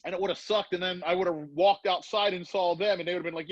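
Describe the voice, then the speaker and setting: A man's voice: sits high, fairly even intonation, fast, no echo, lo-fi sound. A man telling a story in casual podcast talk, acting out the voices of the people he quotes. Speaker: podcast guest.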